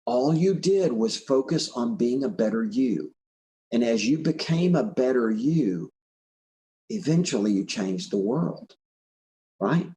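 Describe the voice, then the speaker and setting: Lively man giving a talk. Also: mid-range voice, slow, a little hiss or hum. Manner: animated storyteller, asks "right?" often. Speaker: speaker and author. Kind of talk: recorded motivational talk.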